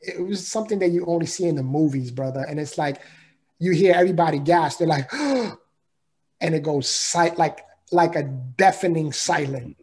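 A man's voice: fairly high pitch, moderate pace, darkish tone. A man telling a personal story as an interview guest, earnest and emphatic, in a casual way of talking.

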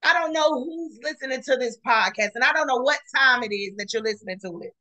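A woman preaching a fiery podcast sermon, often shouting and repeating exclamations. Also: sits high, a little fast, low-quality recording. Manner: shouting, repetitive exclamations, colloquial.

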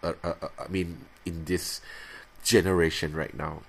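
A man in his thirties hosting a podcast, casually confessing in a halting, rambling way with many restarts, jumping into high playful voices when imitating himself. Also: little pitch movement, vocal fry, husky. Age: 30s. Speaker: podcast host.

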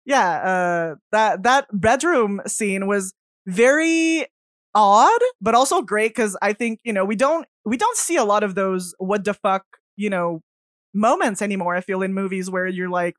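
A woman's voice: mid-range voice, expressive, a little slow, dry recording, studio quality. A woman co-hosting a horror film podcast, chatty and laughing often as she muses on the movie. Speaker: podcast co-host. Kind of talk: casual film discussion.

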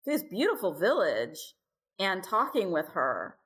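Relaxed woman co-hosting a podcast. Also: fairly low pitch, a little slow. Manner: relaxed, gives frequent soft listening sounds. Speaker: podcast co-host. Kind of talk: casual conversation.

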